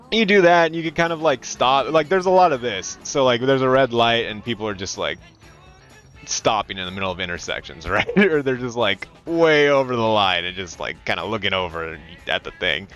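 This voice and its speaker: Male streamer, profane and lively, with wide swings in pitch; faint music underneath. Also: moderate pace. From California. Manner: animated, profane, slips into loud mocking voices. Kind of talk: casual gaming commentary.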